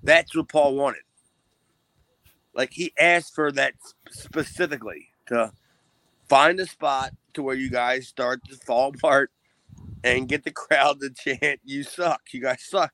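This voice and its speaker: Laid-back ex-wrestler guest, dry sound. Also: male voice, medium pitch, a little slow, bright, forceful tone, no room sound. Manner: rambling, laughing, lots of restarts and cussing. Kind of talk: casual chat.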